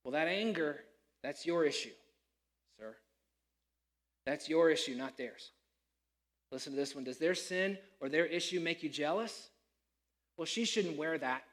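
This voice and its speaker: A man preaching a sermon as pastor, animated and acting out the people he quotes. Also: a little high, unhurried, pauses often.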